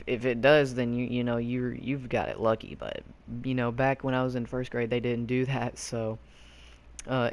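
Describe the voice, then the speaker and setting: A young man from Arkansas telling a childhood story casually, rambling with lots of fillers and loose slang. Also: mid-range voice. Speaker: YouTube storyteller.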